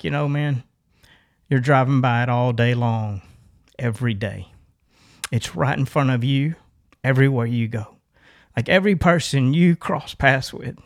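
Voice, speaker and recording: A middle-aged man of medium pitch tells a long, casual story as a podcast co-host. He's animated throughout, laughs frequently, and imitates the voices of the story's people.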